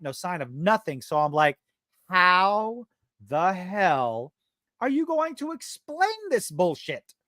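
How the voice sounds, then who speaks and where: A man hosts a live-stream podcast in a fed-up, profane rant. His voice sits a little high, and the sound is dry and close with no room echo. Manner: profane, exasperated ranting. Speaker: podcast host.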